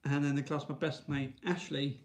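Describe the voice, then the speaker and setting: Casting note: male vlogger, gravelly fry, rambling chatty delivery full of restarts. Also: steady tone, normal speed. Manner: rambling, restarts, frequent "right?"; high sing-song baby talk to his dog. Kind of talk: casual chat to camera.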